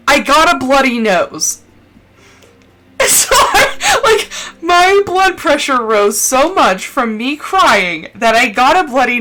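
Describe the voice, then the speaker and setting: A young woman streamer with a bright, forceful voice tells a personal story in a casual, tearful way. She talks a little high, and soft music plays behind her. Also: rough recording. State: crying. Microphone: desk mic, no camera.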